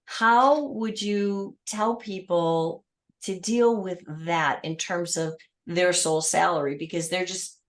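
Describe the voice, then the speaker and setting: A woman's voice: lowish voice, slow. A woman hosting a podcast, asking follow-up questions built from long lists of everyday examples. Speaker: podcast host. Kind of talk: conversational interview.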